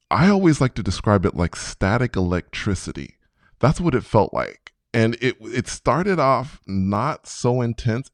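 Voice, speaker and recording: Gravelly, lively-voiced man in his fifties. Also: mid-range voice, no echo, clean studio sound. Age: 50s. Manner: acts out his own past reactions with dramatic swings. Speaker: podcast guest. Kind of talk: animated storytelling.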